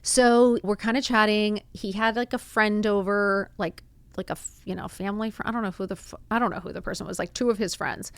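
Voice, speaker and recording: Woman, podcast host, casual storytelling, animated, gravelly, dry. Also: medium pitch, brisk, no room sound. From Miami. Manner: animated, acts out quotes, says "like" often.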